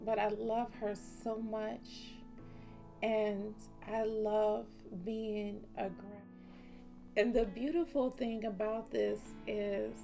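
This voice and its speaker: A woman in her forties telling a heartfelt personal story in a slow, emotional vlog. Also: mid-range voice, level tone, vocal fry. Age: 40s. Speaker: vlogger. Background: soft instrumental music.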